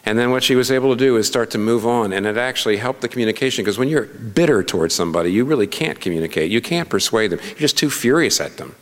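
A middle-aged pastor delivers a sermon in a conversational, earnest tone, full of questions to the congregation. His voice sits at an ordinary male pitch. The sound carries a long reverb, as in a large sanctuary. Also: animated, fast, few pauses.

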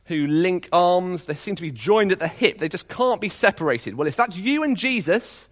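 Lively preaching man, pitch rising and falling. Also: normal speed. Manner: lively preaching, softening to quiet, intimate appeals. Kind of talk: sermon.

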